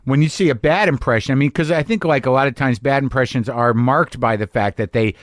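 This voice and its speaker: A man hosts a podcast conversation in a mid-range voice, thinking out loud and restarting his phrases as he goes. The mic is close and the sound is dry. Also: medium pitch, a little fast, no echo. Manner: musing, trailing off, restarting phrases. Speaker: podcast host. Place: podcast studio.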